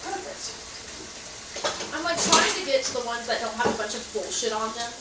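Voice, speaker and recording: A young woman tells a story in a casual, nonchalant way and swears freely as she loads a dishwasher. She sounds far from the mic in an echoey kitchen. Pots and plates clatter clearly throughout. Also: fairly high pitch, normal speed, heavy background noise. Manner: blunt, swears a lot, nonchalant. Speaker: livestreamer. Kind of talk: casual storytelling while doing dishes. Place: home kitchen. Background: dishes and pots clattering.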